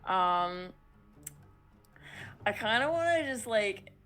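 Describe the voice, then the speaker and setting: A woman's voice: medium pitch, sing-song, slow, fairly bright tone, soft background music. A young woman playing a tabletop game, casual and hesitant with lots of ums. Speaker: player.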